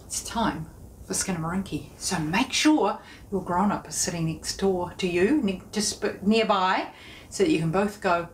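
A woman leading a children's music session, talking and singing in a playful sing-song way, sometimes dropping to a hushed whisper. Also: on the low side, moderate pace, slight background noise.

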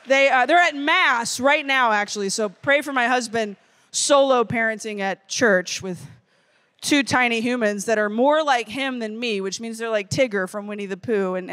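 High-voiced, playful woman speaker. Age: 30s. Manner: lively, playful storyteller. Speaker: youth conference speaker. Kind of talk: motivational talk to teens. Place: conference stage before a crowd.

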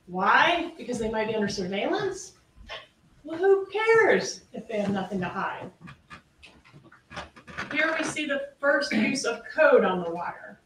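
A woman's voice: fairly high pitch, animated, measured pace, a bit bright. A woman prosecutor delivering a closing argument, making pointed, emphatic points and firing rhetorical questions. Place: courtroom. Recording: echoey, distant courtroom audio with faint noise.

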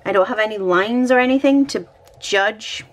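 A Scottish woman with a slightly high voice and moderate pace vlogs at home, chatting and thinking aloud as she decorates her planner. She often pokes fun at herself.

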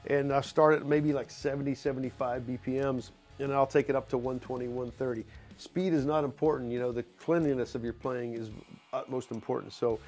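A man's voice: medium pitch, fairly even intonation, brisk, a little mellow, soft background music. A middle-aged man giving a drum clinic in a recording studio, talking loosely and casually with lots of "you know" fillers.

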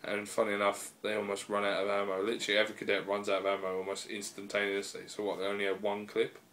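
A man's voice: lowish voice, completely flat delivery, fast, fairly bright tone. A man giving a casual, rambling spoken review on a laptop mic, peppered with fillers and swearing. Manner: rambling and profane, full of fillers. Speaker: video reviewer.

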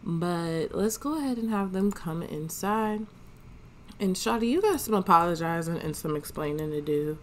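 A woman's voice: fairly low pitch, moderate pace, a little hiss or hum. A woman, giving slangy, chatty commentary as she plays a life-sim game. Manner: chatty, slangy, narrates characters' thoughts. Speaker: gaming channel host. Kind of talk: casual let's play commentary.

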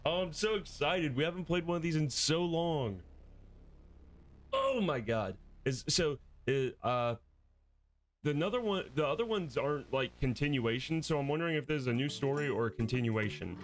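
Brief: excitable young male gamer, chatty commentary, fairly high and lively voice, faint game music behind. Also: moderate pace. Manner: excitable, chatty, laughs easily. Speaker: gaming video host. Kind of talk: casual let's-play commentary.

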